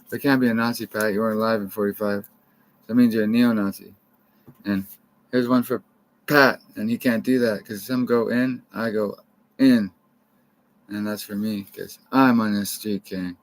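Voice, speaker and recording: A man's voice: fairly low pitch, a little hiss or hum, low-quality recording. A man from Canada rambling profanely to camera, jumping from topic to topic.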